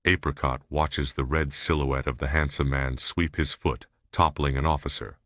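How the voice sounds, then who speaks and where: A man reading an audiobook aloud in a steady, measured narration. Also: a bass voice, no room sound. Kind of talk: scripted narration.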